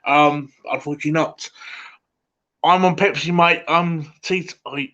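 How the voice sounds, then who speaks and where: A man with an Essex accent chatting casually on a live stream, rambling and halting, full of fillers and calling everyone mate. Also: fairly high pitch, sharp tone, dull audio. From England. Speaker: livestream host.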